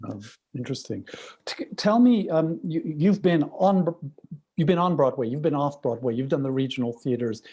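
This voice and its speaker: A man's voice: on the high side, animated, normal speed, warm tone, breathy edge, lo-fi sound. A man hosting an interview, asking questions and giving short encouraging replies. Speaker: interview host. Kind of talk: casual interview.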